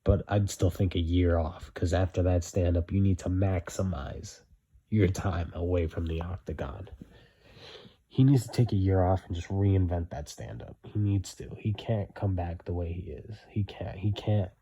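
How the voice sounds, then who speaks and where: A man's voice: sits low, normal speed, mellow, husky. A young man giving blunt, repetitive opinion commentary, hammering his points home.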